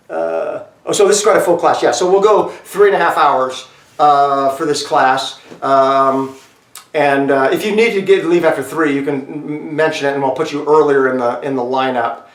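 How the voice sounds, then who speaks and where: A man teaching an acting class over a video call, talking straight to his students in an animated way with lots of fillers. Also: a little high. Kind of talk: online acting class lecture. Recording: echoey room, mic far off.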